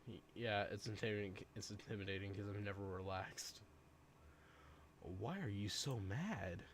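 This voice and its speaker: A man's voice: lowish voice, moderate pace, a little hiss or hum. A man reacting to videos with casual, sarcastic commentary, often mumbling his asides.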